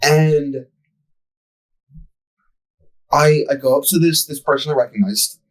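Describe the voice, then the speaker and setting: A man's voice: a little high, takes it slowly, rough recording. A young man telling a profane, ranting story as a podcast co-host in casual chat. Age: young adult.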